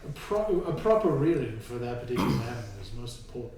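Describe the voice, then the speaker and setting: A man's voice: medium pitch, big pitch swings, quick pace, a loud crowd. A man playing a tabletop game, talking in character in an apologetic, rambling way. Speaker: player. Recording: distant mic in very echoey, noisy room.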